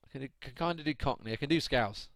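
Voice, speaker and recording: A man's voice: mid-range voice, quick pace, fairly bright tone, dry recording. A man from the UK, casting a match alone on a live stream, chatty, often laughing and ranting at his chat. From United Kingdom. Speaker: esports caster. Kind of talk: solo live stream commentary.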